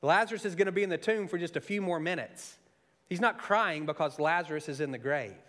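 A man preaching a sermon, moving between soft, intimate asides and raised, emphatic storytelling. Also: on the high side, a little fast. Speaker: pastor.

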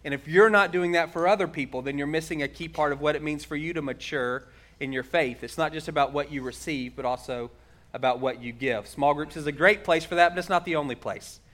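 This is a middle-aged man delivering a sermon, his voice sitting a little higher than most men's. He preaches in an earnest, conversational way and slows down to lean on the points he wants to land. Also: fairly bright tone. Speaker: pastor.

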